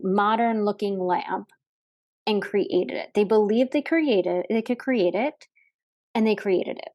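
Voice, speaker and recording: A woman's voice: mid-range voice, dark tone. A woman hosting a casual motivational podcast from a hotel room, talking in a chatty, upbeat way with fillers and light laughs. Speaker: podcast host. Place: hotel room, sitting at a desk.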